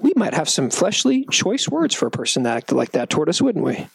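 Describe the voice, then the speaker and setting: Animated male youth preacher, jokey, acts out voices, very lively pitch, dry sound. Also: brisk, vocal fry, husky, no room sound. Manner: animated, joking, acts out quotes. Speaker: youth pastor. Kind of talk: youth sermon.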